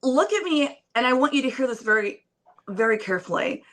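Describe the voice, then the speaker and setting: A woman's voice: high-pitched, animated, fairly quick, a bit bright. A young woman on a phone video call, speaking as a podcast guest in an earnest, emphatic, preacher-like way. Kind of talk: motivational interview talk.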